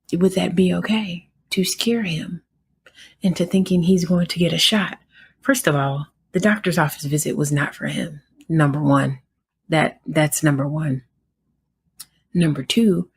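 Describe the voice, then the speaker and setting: A young woman with a Southern American accent, speaking low with a gravelly, husky edge. She talks casually, with plenty of fillers, as she tells an indignant story on her podcast. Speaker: podcast host.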